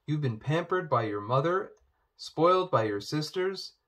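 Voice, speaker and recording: A man voicing a stern king father who scolds loudly in a storybook reading. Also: on the high side, lively intonation, measured pace, voice pushed up. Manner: scolding, shouting.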